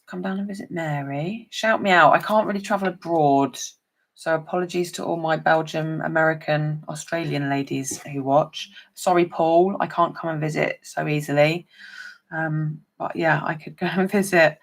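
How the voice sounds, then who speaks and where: A woman's voice: deep voice, fairly even intonation, normal speed. A woman demonstrating papercraft on a chatty live stream, talking to her viewers by name as she works. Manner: chatty, talks to viewers by name while working.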